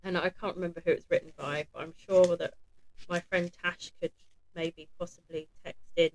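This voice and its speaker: A woman's voice: on the low side, flat delivery, moderate pace, low-quality recording. A woman, chatting casually and telling funny stories with laughter and silly voices. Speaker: co-host. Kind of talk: casual chat.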